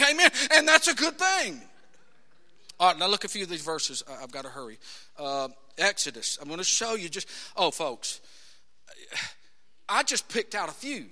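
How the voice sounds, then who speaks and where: Preacher, male, high bright voice, emphatic sermon delivery, church reverb. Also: sing-song, normal speed, long pauses. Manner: emphatic, rising to shouts, quotes scripture in acted voices. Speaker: pastor. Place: church sanctuary. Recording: long hall reverb.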